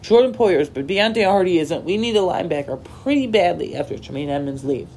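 A man's voice: high-pitched, animated, fairly quick, a little mellow, slight background noise. A man giving a casual, opinionated solo recap of sports news, reading posts aloud and reacting with rambling asides. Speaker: sports commentator.

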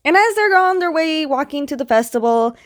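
A woman's voice: sits high, lively intonation, brisk. A woman casually recapping a comic book story, chatty and full of filler words. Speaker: reviewer retelling a story.

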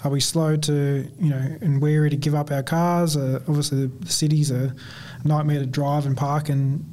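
A man's voice: a little high, little pitch movement, moderate pace, mellow. A man asking a guest questions with curiosity. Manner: inquisitive. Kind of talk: interview questions.

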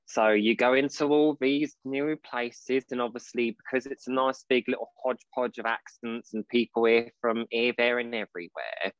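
A man from Portsmouth, chatting casually as a podcast co-host, telling lively stories and acting out voices. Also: medium pitch, normal speed, hardly any pauses, no room sound, highs cut off. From Portsmouth, England. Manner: chatty storyteller, calls his partner babe, acts out voices in quotes. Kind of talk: casual chat.

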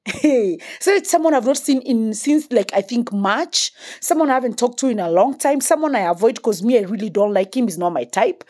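A woman's voice: on the high side, fairly quick. A young woman with a Kenyan accent telling a story in a casual monologue, emphatic, swearing freely and repeating words for emphasis. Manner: animated, emphatic, mixing English with Swahili slang.

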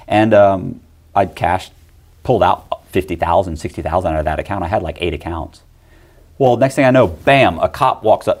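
A middle-aged man telling a personal story in casual talk, animated and acting out other people's lines in quick voices. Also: fairly low pitch.

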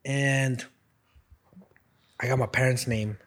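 A man talking as a guest in a casual chat, relaxed and slangy, often asking "you get me". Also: medium pitch, takes it slowly.

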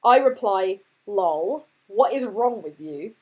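Woman host, lively storyteller, husky voice, reads out the messages. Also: mid-range voice, takes it slowly, lo-fi sound. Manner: animated storytelling, reading out text messages. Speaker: podcast host telling her dating story. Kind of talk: casual chat.

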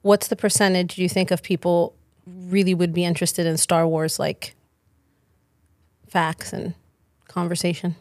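A woman's voice: lowish voice, flat delivery, a little slow, long pauses, darkish tone, no echo, clean studio sound. A woman pastor co-hosting a podcast in casual chat, playful and teasing, laughing often.

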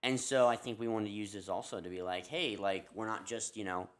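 Young male co-host, lowish voice, laid-back and agreeable. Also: fairly quick. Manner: easygoing, laughs often, agreeable. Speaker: podcast co-host, wholesale manager. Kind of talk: casual chat. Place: outdoors by a parking lot.

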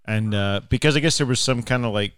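A man hosts a metal podcast, chatting loosely and swearing as he gripes about the scene. His voice is smooth and clear at a middle pitch. The recording is dry and close. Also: fast talker, a bit bright, no echo. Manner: loose, profane, filler-heavy talk. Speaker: podcast host. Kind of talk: casual chat.

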